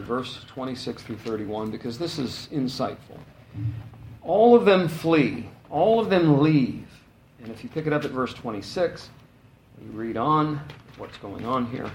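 A man preaching a sermon in a conversational, animated way, with casual asides. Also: medium pitch, measured pace, echoey room, slight background noise, poor audio.

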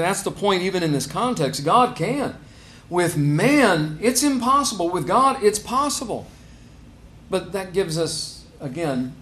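A man's voice: a little high, fairly bright tone, a little hiss or hum. A man preaching a sermon in a conversational way, rising to emphatic stresses on key phrases. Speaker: pastor.

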